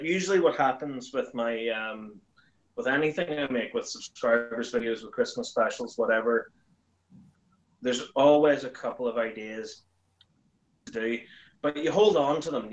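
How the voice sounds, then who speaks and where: A man's voice: medium pitch, dull audio. A young man hosting a casual chat, rambling with many fillers. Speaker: host.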